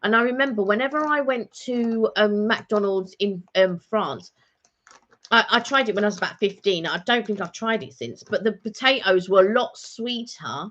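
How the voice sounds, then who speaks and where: A woman co-hosting a live vlog stream, chatting in a rambling, easygoing way with frequent ums and self-corrections. Her voice sits at a middling pitch. The sound is dull and lo-fi, like a home streaming setup. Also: normal speed, fairly bright tone. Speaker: vlog co-host. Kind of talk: casual live-stream chat.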